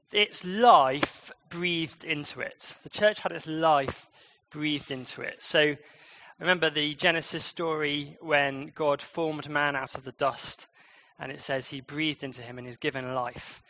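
A man preaching a conversational sermon in church, with lively changes in loudness and pace. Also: fairly high pitch.

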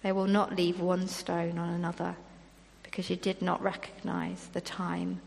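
A woman's voice: fairly low pitch, monotone, moderate pace, creaky, a little mellow, long reverb tail. A woman preaching a sermon in an earnest manner, reading scripture aloud between her own remarks.

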